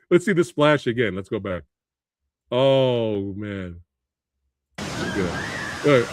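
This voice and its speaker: A man hosting a casual livestream, reacting with laughter and loud exclamations, swearing freely. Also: fairly low pitch, lively intonation, very slow, long pauses, background noise. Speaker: movie review livestream host.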